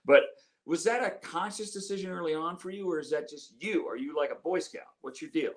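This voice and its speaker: Joking male radio host, slightly high voice. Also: fairly quick. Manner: joking, friendly, teasing. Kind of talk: casual interview chat.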